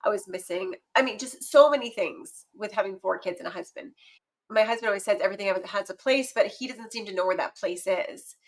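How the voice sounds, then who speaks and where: Talkative woman around forty, podcast guest, animated storyteller who laughs often. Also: medium pitch, a little fast, rough recording. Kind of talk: casual podcast conversation.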